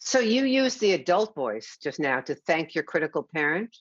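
A woman hosting a conversation, talking warmly and reassuringly about her teaching. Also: low voice, big pitch swings, normal speed, breathy edge, dry recording. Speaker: host and teacher. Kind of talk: conversational interview. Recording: dull lo-fi dry sound.

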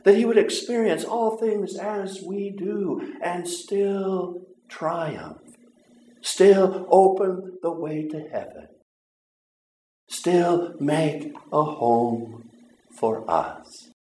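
A man preaching a sermon in a slow, deliberate way, often stumbling over his words and stopping to pause. His voice sits a little high for a man. It rings out in a roomy, echoing space. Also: dark tone. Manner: earnest, halting, with repeated words and long pauses. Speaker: pastor. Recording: roomy echo.

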